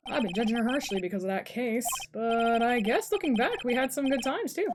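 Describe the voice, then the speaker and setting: A woman's voice: a little high, lively intonation, a little fast, background noise. Playful woman streamer reading game text. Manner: playful, sarcastic asides.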